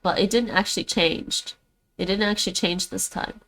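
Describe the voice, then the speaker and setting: A woman's voice: mid-range voice, normal speed, a bit bright, rough recording. A woman streaming her language practice, thinking aloud and repeating words after an app.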